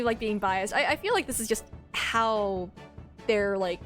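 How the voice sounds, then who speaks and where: A woman's voice: medium pitch, lively intonation, a little slow, faint music behind. A woman streamer giving chatty, giggly commentary while playing a game.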